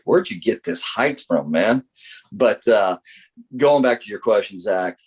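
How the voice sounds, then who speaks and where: A middle-aged man, a college baseball coach, telling stories in an interview and acting out the voices of the people he quotes. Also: low voice. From United States. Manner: animated storyteller acting out quoted dialogue. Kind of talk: interview storytelling.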